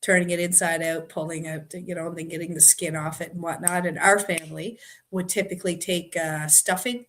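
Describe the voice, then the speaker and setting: This trivia host, a woman from Boston with the local accent, has a lowish, fairly bright voice and a steady tone, moving a little fast. She chats casually on her live stream and reads out comments from viewers.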